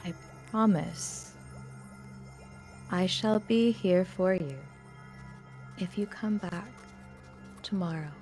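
A woman voicing a soft-spoken male astrologer who talks slowly and quietly. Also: sits high, soft background music. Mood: soothing. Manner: slow, hushed delivery.

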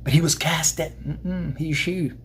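A man's voice: a little high, fairly even intonation, unhurried, a little hiss or hum. A man giving a casual spiritual tarot reading to camera. He rambles and speaks straight to his viewers. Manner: rambling, chatty, addresses viewers directly. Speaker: tarot card reader.

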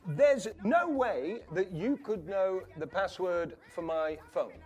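A man's voice: sits high, lively intonation, slow pace, darkish tone. A man, a mentalist guest on a talk show, talking with stage-performer patter and addressing the audience. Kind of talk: casual chat with showman patter.

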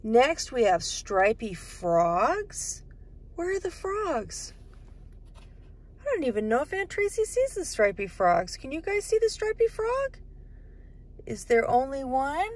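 A woman's voice: sits high, big pitch swings, takes it slowly. A woman hosting a children's storytime, asking young viewers questions as she points out things on each page and sometimes drops to a whisper. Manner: sing-song questions to kids, drops to whispers. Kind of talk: reading a picture book to young children.

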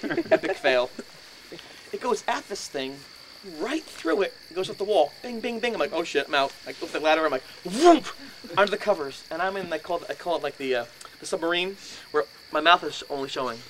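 A man telling a ghost story to a group in a house, animated and acting out voices and sound effects. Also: on the high side, brisk, a little hiss or hum, low-quality recording.

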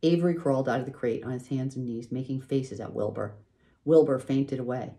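A woman reading a children's book aloud, in an expressive, lively way. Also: very deep voice, a little fast. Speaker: reader.

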